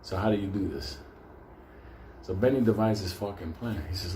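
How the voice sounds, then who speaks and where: A man's voice: low-pitched, moderate pace, mellow. A man tells a story casually, swearing constantly and laughing as he talks. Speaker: storyteller host. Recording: echoey room with faint ambient noise.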